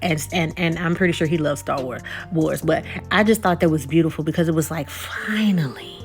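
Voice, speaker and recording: A woman's voice: low voice, brisk, soft background music. A young woman giving a casual, conversational recap and review of a TV episode. She repeats words and keeps checking in with her listeners.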